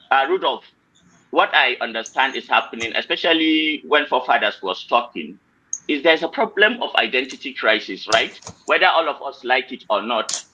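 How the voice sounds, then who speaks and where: Nigerian guy debating on a call, keeps restarting words, bright punchy voice. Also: medium pitch, dull audio. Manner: halting, many fillers and repeated words. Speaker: panelist. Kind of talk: heated online panel debate.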